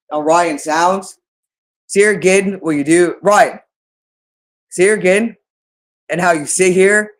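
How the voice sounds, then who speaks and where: A man in a rambling, agitated monologue to his viewers, accusing someone and repeating the same phrases again and again. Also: high-pitched.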